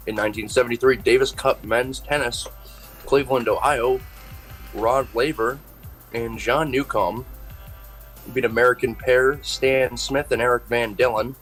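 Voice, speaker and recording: A man's voice: medium pitch, steady tone, normal speed, fairly bright tone, faint music behind, rough recording. A man co-hosting a casual history show, reading out sports results and dates in a laid-back way. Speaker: co-host reading history facts. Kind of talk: casual chat.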